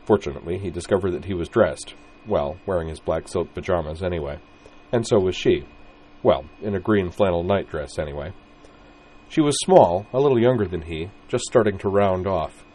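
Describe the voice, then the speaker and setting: A deep-voiced man narrates his own story with an expressive, wry delivery. A faint hiss runs under the reading. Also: moderate pace.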